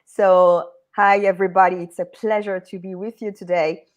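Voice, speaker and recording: A woman's voice: medium pitch, flat delivery, moderate pace, muffled recording. A woman with a French accent, a native French speaker, speaking as an interview guest and executive coach in an earnest, explanatory way. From France.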